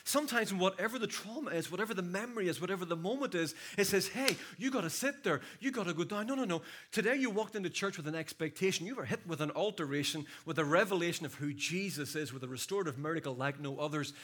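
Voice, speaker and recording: A man preaching a sermon in a church, swinging from loud shouts to hushed storytelling. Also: high-pitched, fast talker, few pauses. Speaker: pastor. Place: church hall.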